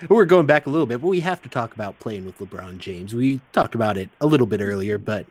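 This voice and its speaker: A man's voice: lowish voice, expressive, fast talker, husky. A man hosting a podcast, asking questions in a chatty way and laughing along with his guest. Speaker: podcast host. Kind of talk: casual interview.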